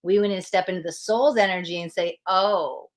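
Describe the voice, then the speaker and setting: A woman's voice: lowish voice, fast, darkish tone. Woman giving a live tarot reading. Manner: reflective, coaching, spiritual self-help talk; thinks aloud while pulling cards. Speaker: tarot reader.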